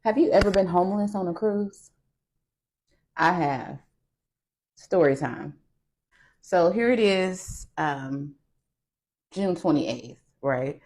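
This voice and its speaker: A woman recounts her story at an easy, drawn-out pace, looping back on details and tagging on a "right?" as she goes. Her voice sits very low for a woman. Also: expressive, a little mellow. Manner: unhurried, meandering, fills pauses with "you know" and "right?". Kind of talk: casual storytime.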